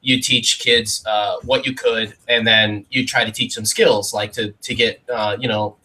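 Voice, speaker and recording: A man telling funny stories on a casual podcast, acting out the other people in high squeaky voices. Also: flat delivery, unhurried, bright, forceful tone, low-quality recording. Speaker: podcast co-host. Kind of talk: casual storytelling chat.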